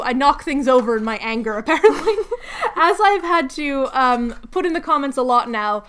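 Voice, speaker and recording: A woman's voice: high voice, pushed and bright, slight background noise. A woman chatting casually while doing crafts at home, rambling and laughing often. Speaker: craft vlogger hosting a hangout.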